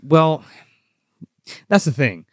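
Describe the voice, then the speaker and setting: A man's voice: fairly high pitch, big pitch swings, drawn-out words, breathy edge, no room sound, clean studio sound. Swearing casual man on a live stream. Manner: rambling, swears often, reads chat comments. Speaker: podcast co-host.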